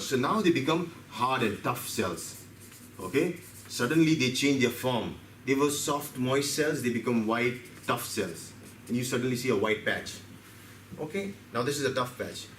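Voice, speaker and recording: A man from India gives a playful health lecture built around stories, quizzing his audience as he goes, in a medium-pitched, animated, slightly bright voice at a moderate pace. The recording comes from a distant mic in a roomy hall, with slight, faint background noise.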